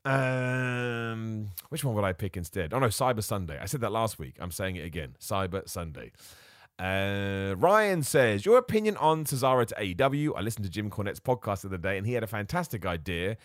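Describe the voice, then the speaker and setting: On a solo podcast, an excitable male host talks through his picks at a normal pace, poking fun at himself and hopping between ideas. His medium pitch swings widely up and down, and the audio is close and dry with no room echo.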